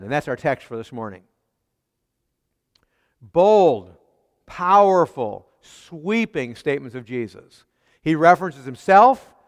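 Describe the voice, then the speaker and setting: A man's voice: a little high, clean tone, big-room sound. A man preaching a sermon as pastor, emphatic, with rhetorical questions and repeated phrases.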